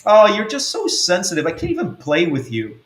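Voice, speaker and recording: A man's voice: high-pitched, huge pitch swings, a little fast, a bit bright, pitched above the performer's own voice, full character voice. A man voicing a woman who mocks her sister and brushes off her hurt, in a raised, scoffing tone, in a roomy space. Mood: dismissive. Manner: dismissive, mocking.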